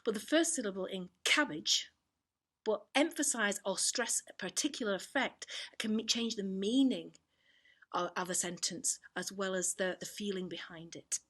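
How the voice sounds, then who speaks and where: A woman teaching an online drama lesson, explaining clearly and demonstrating examples with her voice. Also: mid-range voice, normal speed, a bit bright. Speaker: performing arts teacher.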